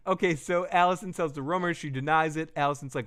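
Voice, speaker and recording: A man hosting a casual TV recap, with a fairly high, bright and forceful voice. He talks in an animated way, laughs often and jokes through the plot summary. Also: fast, few pauses. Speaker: podcast host, TV recapper.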